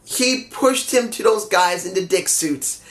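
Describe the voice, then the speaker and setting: A man casually reviewing a wrestling show, excitable, swearing freely and laughing often. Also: high voice, unhurried.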